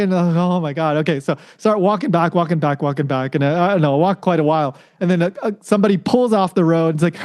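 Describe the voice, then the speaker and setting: A man from the United States, a podcast guest telling a story in casual chat and acting out the voices of the people he met. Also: brisk. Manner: animated, acts out quoted voices with rising pitch.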